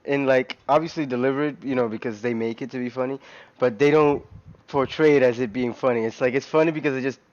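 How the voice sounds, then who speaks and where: A man's voice: mid-range voice, fairly even intonation, fast, few pauses, darkish tone, highs cut off. A man casually chatting on a racing game live stream, rambling with many fillers and restarts. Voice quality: rambling, lots of fillers and restarts, laughs often. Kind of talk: casual gaming stream chat.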